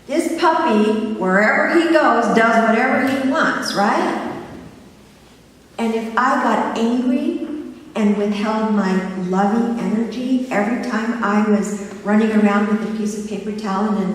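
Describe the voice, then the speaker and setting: Older woman preaching in an echoey hall. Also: fairly high pitch. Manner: earnest, asks the congregation for agreement. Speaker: minister. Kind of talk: sermon. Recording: echoey hall from far off, faint hiss.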